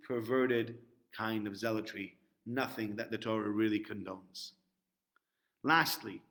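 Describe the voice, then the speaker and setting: A man giving a live-streamed Torah lesson, acting out quotes loudly, then dropping low and quiet to stress a point.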